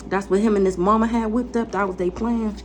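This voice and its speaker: A woman's voice: mid-range voice, steady tone, fairly quick, darkish tone, slight background noise. A woman tarot reader ranting casually, blunt, defiant and profane, repeating phrases for emphasis.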